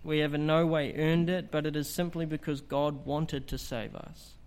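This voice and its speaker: Male preacher, slightly raised pitch, earnest and emphatic delivery, sermon. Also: little pitch movement, normal speed, darkish tone, clear, resonant tone. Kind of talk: evangelistic sermon.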